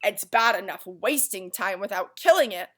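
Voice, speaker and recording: Woman doing a loud gruff watchdog. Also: mid-range voice, big pitch swings, normal speed. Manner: loud, gruff and impatient, barking out lines. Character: grumpy ticking watchdog, male dog with clock body.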